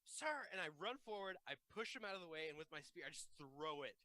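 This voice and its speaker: A man playing in a tabletop role-playing game, excitable and quick to giggle as he thinks aloud. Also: fairly high pitch, no echo. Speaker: player.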